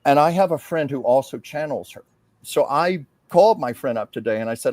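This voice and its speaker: In a dry recording, a man with an animated, darkish mid-range voice hosts a psychic show as a medium. He earnestly and casually describes a channeled message, his tone heartfelt, slowing whenever he reads aloud.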